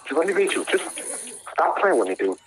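A man's voice: a little high, big pitch swings, a little fast, a bit bright, rough recording. A young man streaming a video game, swearing and ranting in frustration at his opponent. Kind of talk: live gameplay commentary.

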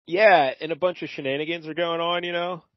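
A man's voice: fairly high pitch, fairly even intonation, fairly quick, no echo. Easygoing man, muffled dry sound. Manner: rambling, hesitant, with brief character voices. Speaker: podcast co-host. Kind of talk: casual comic book discussion.

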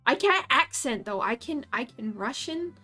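A woman's voice: high voice, animated, normal speed, pushed and bright, faint music behind. A woman streaming a game, chatting casually and reading its text aloud, giggly and self-mocking with lots of fillers.

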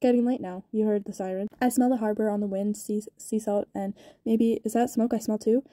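A cold young gang boss with a gravelly rasp, as a woman reads him aloud from a novel. He taunts quietly and deliberately, his voice dark and muffled, and the words come quickly. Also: high-pitched, steady tone, no echo, close to an everyday voice. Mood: menacing.

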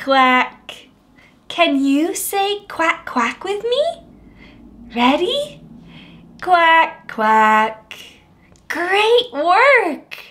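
A young adult woman teaching toddlers in an exaggerated sing-song way, with big gasps and drawn-out words. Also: extremely high pitch, a bit bright. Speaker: children's speech educator.

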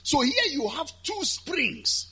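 A man with a Nigerian accent preaching a lively sermon, building to shouted, chanted high points. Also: slow pace. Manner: animated, shouting and chanting at peaks.

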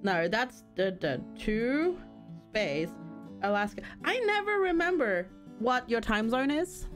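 A woman's voice: on the high side, very animated, slow, soft background music. A woman streaming a game, chatting casually and giggling as she answers her viewers. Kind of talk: casual live-stream chat.

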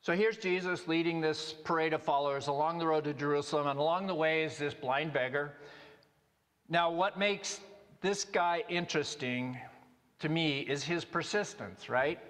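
A male pastor preaching a sermon in a conversational, halting way, with many restarts and fillers. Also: a little high, a bit bright. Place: church sanctuary. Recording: long reverb of a church hall.

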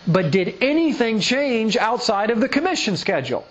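A man with a notably high voice delivers an emphatic sermon as a pastor. He keeps checking in with the listeners through rhetorical questions and reads scripture passages aloud. The recording sounds a little dull and lo-fi. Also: big pitch swings, moderate pace, slight background noise. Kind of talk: sermon teaching.

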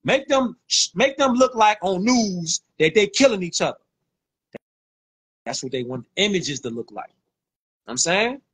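A man hosting a livestream on his phone, talking in a slangy, animated way and repeating lines for emphasis. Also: high voice, unhurried, long pauses, slightly rough. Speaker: livestream host. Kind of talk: casual livestream rant.

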